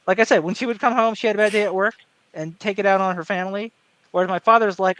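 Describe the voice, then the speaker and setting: A man speaking in an articulate, measured way during a casual panel chat, with no regional accent. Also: high-pitched, steady tone, a bit bright, clean tone, dry recording, highs cut off. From American South. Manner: articulate, measured, with many fillers and restarts. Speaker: panel guest.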